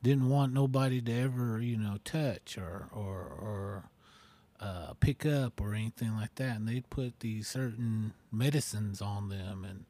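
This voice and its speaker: A man co-hosting a podcast, explaining old tribal beliefs in a relaxed, loose way with many fillers. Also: on the low side, measured pace. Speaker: podcast co-host. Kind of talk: casual chat.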